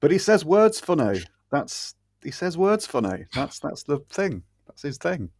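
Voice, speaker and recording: A man's voice: a little high, very animated, a little slow, no echo, studio quality. Curious man asking questions. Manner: curious, asks clarifying questions. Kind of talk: casual chat.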